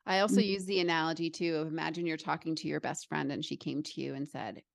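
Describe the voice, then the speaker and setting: A woman's voice: low voice, steady tone, fast, creaky, hardly any pauses, no room sound. A woman hosting a podcast, affirming and enthusiastic as she talks with her guest. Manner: warm-hearted, enthusiastic, affirming. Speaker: podcast host. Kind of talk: conversational interview.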